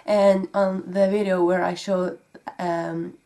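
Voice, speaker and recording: A woman's voice: lowish voice, little pitch movement, dark tone. A woman vlogger talking to her viewers, defiant and blunt, sighing and swearing. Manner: defiant, slow, with sighs and swearing. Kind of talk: played vlog clip.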